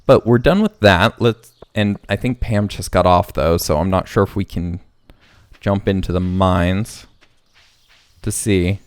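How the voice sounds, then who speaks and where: A man's voice: low voice, measured pace, clean tone. A man hosting a casual let's play, rambling and thinking aloud as he plays. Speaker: gaming channel host.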